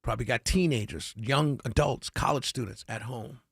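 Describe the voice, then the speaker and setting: A man's voice: mid-range voice, normal speed, gravelly, slightly rough, no room sound, clean studio sound. A man who hosts a radio talk show, casually telling a story and quoting each person he spoke with. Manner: recounts conversations, quoting each person in turn.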